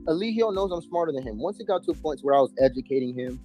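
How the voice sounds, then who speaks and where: A man's voice: a little high, lively intonation, rapid-fire, warm tone, soft background music. A man telling his story in a casual interview, emphatic and heavy on slang and swearing. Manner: emphatic, profane, street slang. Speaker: interview guest.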